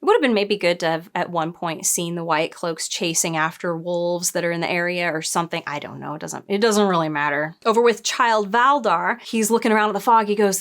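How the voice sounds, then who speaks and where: A woman's voice: medium pitch, normal speed, fairly bright tone. A woman casually reviewing a TV episode against the books, exasperated and sarcastic, often mocking the characters in quoted voices. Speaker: book and TV show reviewer.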